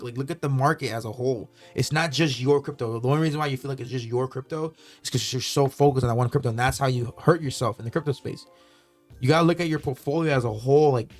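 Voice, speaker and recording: Earnest podcast co-host man. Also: medium pitch. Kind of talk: casual chat.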